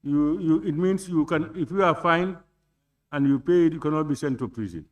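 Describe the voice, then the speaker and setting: A man chairing a parliamentary committee, reading clauses deliberately and putting questions to the vote. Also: a little high, lo-fi sound. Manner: deliberate, reads clauses slowly and puts questions. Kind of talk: formal procedural chairing. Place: legislative chamber.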